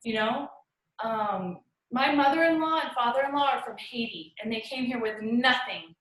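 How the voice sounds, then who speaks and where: Woman, slightly high voice, earnest and pleading testimony, pauses often, roomy echo. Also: expressive, fairly bright tone. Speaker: guest speaker on a group call. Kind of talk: heartfelt personal testimony.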